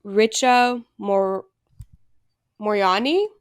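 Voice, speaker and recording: Young female podcast co-host, clear smooth voice, casual rambling chat with filler words. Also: medium pitch, drawn-out words. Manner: rambling, frequent fillers and self-deprecating asides.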